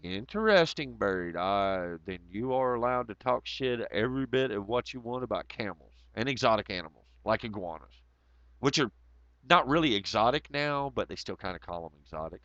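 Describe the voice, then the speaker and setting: A man's voice: lowish voice, expressive, normal speed, a bit bright, dry recording. A man hosting a casual livestream, reading chat comments aloud and rambling in a profane, sarcastic way. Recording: dull lo-fi audio.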